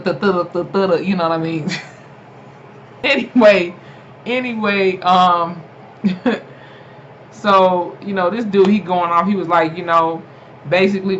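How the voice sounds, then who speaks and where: A young adult YouTuber chattily recapping a TV episode, animated and laughing often, with lots of fillers. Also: medium pitch. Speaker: TV episode reviewer. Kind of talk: casual spoken episode recap. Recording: dull lo-fi home recording with faint noise.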